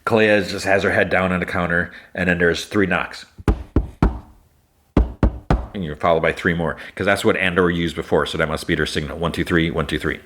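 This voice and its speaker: Low-voiced male podcast host, chatty and rambling, strings scenes together with "like". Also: steady tone, moderate pace, long pauses, fairly bright tone. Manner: loose retelling full of "like" and restarts. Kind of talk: casual episode recap.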